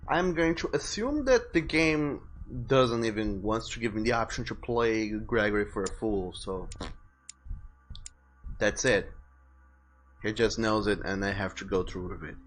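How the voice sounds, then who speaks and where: A man's voice: fairly low pitch, a little slow, faint music behind. Chatty man streaming a game. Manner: casual, chatty, reads chat and game text aloud. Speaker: live streamer. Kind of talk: let's-play commentary.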